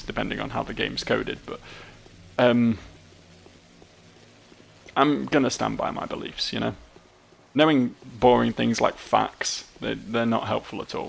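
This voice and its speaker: A man's voice: medium pitch, moderate pace, vocal fry, a little hiss or hum. A man hosting a let's play, giving casual, rambling commentary with joking, mock-solemn asides.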